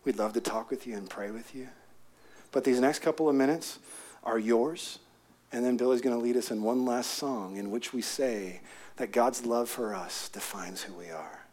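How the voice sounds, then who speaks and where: A man preaching a sermon, swinging from loud emphatic peaks down to hushed near-whispers. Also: mid-range voice, normal speed. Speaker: pastor. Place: outdoor gathering with a prayer tent.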